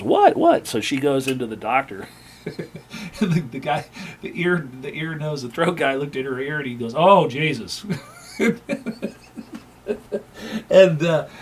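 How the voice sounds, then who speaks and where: Middle-aged male stream host, casual rambling storyteller, average pitch, faint background noise. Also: rough recording. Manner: rambling storyteller, frequent fillers and laughter. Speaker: crypto market analyst and stream host. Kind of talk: casual livestream chat with anecdote.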